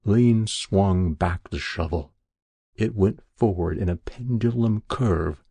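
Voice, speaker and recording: A man narrates a story in a low, gravelly voice with a husky edge. His delivery is measured and dramatic. The recording is close and dry, with no room sound. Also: warm tone, no room sound.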